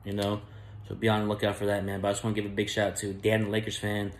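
Male sports vlogger, lowish voice, fired-up fan rant, echoey room. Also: monotone, very fast. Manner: frustrated, blunt, repeats "man" and "bro". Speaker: sports channel host. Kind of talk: fan sports commentary vlog.

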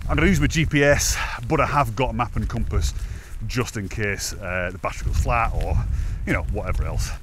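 A man chatting casually on a wet hillside walk, a bit out of breath, laughing often and poking fun at himself. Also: lowish voice. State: slightly out of breath. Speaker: hiking vlogger. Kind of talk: casual walking vlog chat. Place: outdoors on a wet, windy mountain path.

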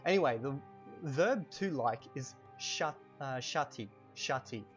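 A man teaching vocabulary in a casual, chatty way while playing a game at home, repeating each word slowly for learners, a little hoarse from a cold. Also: mid-range voice, lo-fi sound, faint music behind. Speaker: language teacher. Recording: steady background noise.

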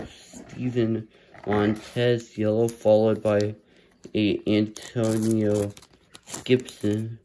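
A man's voice: lowish voice, monotone, drawn-out words, mellow, slight background noise, low-quality recording. A man casually narrating as he opens trading card packs, muttering hopeful running commentary. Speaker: card collector opening packs. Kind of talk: casual pack-opening commentary.

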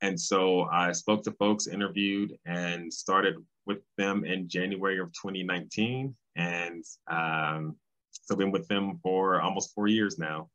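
A man, speaking as a guest in an interview, thoughtful and pausing often with ums. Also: deep voice, fairly even intonation, fairly bright tone. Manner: thoughtful, with frequent ums and restarts. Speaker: guest, civil rights state director. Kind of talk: casual interview conversation. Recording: slightly dull, lo-fi sound.

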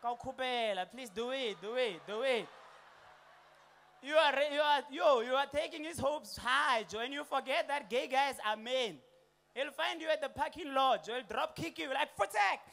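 A young South African man performing a stand-up comedy set, animated and slipping into voices and township slang. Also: very high-pitched, moderate pace, gravelly. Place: comedy stage before a live audience.

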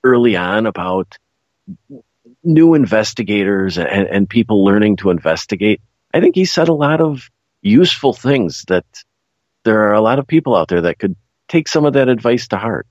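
A man with a Chicago accent co-hosting a casual radio talk show, speaking haltingly with many restarts. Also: on the low side, expressive, a little mellow, no room sound, muffled recording. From Chicago area. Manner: halting, restarts, dry teasing. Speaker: radio co-host.

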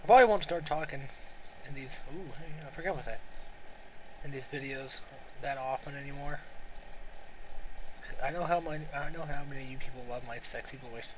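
A man's voice: mid-range voice, fairly quick, pauses often. A young man giving casual, rambling let's-play commentary, self-mocking and out of breath, breathing heavily into a close mic. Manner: rambling, self-mocking, frequent laughs and sighs. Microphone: close home mic. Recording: noisy home recording.

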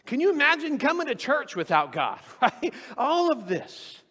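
A man's voice: very high voice, very animated, normal speed, pushed and bright. A middle-aged man preaching a sermon as pastor, talking conversationally and acting out the voices he quotes. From California. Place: church sanctuary. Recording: long church reverb.

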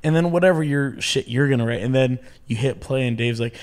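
A man's voice: mid-range voice, a little fast. A man who is a comedian, chatting casually as a podcast guest, telling stories animatedly, acting out quotes, and swearing often.

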